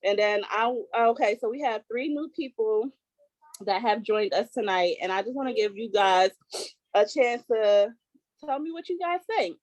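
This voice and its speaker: A woman's voice: a little high, moderate pace. A woman hosts a casual chat over a video call, speaking earnestly and with emphasis. The sound is dry and close, with no room echo. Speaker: host.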